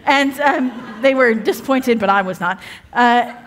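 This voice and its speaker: Female guest preacher, conversational and humorous, a touch high-pitched. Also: measured pace, fairly bright tone, slight background noise. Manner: chatty, humorous, self-interrupting. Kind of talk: sermon. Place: church evening service.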